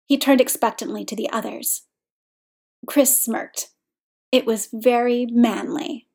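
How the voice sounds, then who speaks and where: A woman reads a story aloud as narrator, in a somewhat high voice. Her delivery is measured and even. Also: vocal fry. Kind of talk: reading fan fiction aloud.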